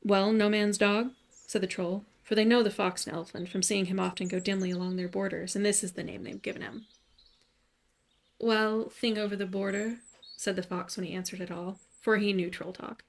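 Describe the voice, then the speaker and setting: A woman narrating a bedtime story in a soft, soothing way. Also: fairly low pitch, little pitch movement, quick pace, vocal fry.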